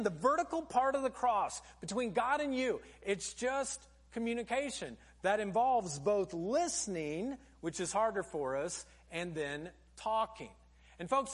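A man's voice: high voice, fairly bright tone. A man preaching a sermon as pastor in a conversational way, often calling his listeners "folks".

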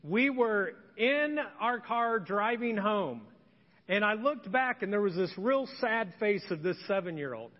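A man preaching a sermon as a pastor, telling stories in an animated way. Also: high-pitched, a little slow. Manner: animated storytelling. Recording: dull echoey church hall recording.

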